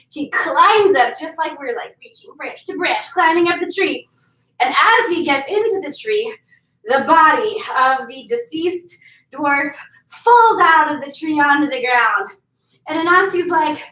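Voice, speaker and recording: A woman's voice: high voice, animated, measured pace, pushed and bright. A woman fitness instructor leading a workout class and telling a story, upbeat as she counts out moves. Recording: roomy, from mic distance.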